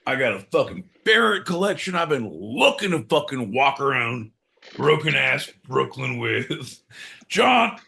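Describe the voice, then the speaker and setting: Brash, bright-toned man. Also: on the high side, creaky. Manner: rowdy, profane, mock-announcer outbursts. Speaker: podcast co-host. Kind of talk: casual chat.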